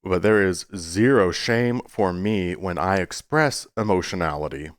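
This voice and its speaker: A man talking to his viewers in a casual, rambling way, earnest but playful, with sudden jumps into a high voice. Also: a little slow, dry recording, studio quality. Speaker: YouTuber. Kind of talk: casual talking-to-camera monologue.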